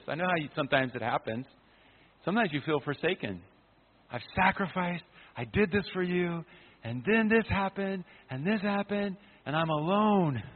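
A man, a pastor, preaching an impassioned sermon at a conference, swinging from loud to hushed. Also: on the high side, slightly rough. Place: conference hall. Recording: phone-like sound with long hall reverb.

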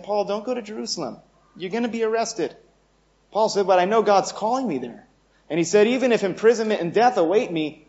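A man's voice: a little high, darkish tone, highs cut off. A man preaching a sermon, earnest and turning bold and emphatic as he drives his points home.

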